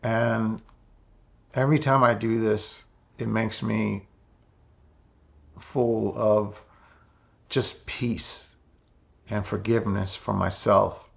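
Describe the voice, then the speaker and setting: A man in his fifties, talking slowly and softly with many pauses in a reflective personal monologue about his spiritual path. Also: lowish voice, flat delivery, vocal fry. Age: 50s. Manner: slow, soft-spoken and introspective, with many pauses. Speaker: spiritual vlogger.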